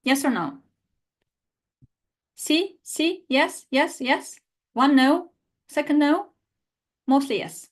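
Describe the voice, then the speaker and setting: A woman's voice: high-pitched, takes it slowly, long pauses. A woman teaching a live online language lesson, talking straight to her viewers and answering their chat replies. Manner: lively, animated, talks to viewers directly.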